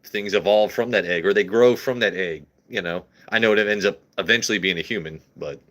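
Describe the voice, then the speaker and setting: A man's voice: fairly low pitch, brisk, a bit bright. A young man hosting a casual whiskey livestream, joking crudely and answering his chat as he pours.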